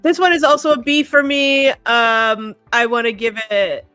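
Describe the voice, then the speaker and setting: A woman co-hosting a podcast in casual chat, making short, measured remarks. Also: on the high side, pushed and bright, clean tone, soft background music. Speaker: podcast co-host.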